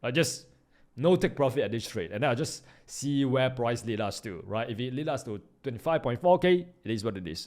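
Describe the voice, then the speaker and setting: A man giving live trading commentary, slangy and excitable, jumping from loud hype down to low mutters. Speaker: trading YouTuber.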